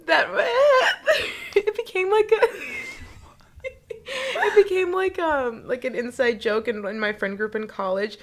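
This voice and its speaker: A woman's voice: on the high side, animated, slow, fairly bright tone. A young woman co-hosting a podcast in casual chat, jokey and giggly, slipping into silly voices. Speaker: podcast co-host.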